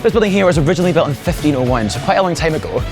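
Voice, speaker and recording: A man with a Scottish accent telling stories as a lively tour guide out on the streets. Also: racing, over music. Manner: animated storyteller, rises in pitch for punchlines. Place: outdoors on city streets.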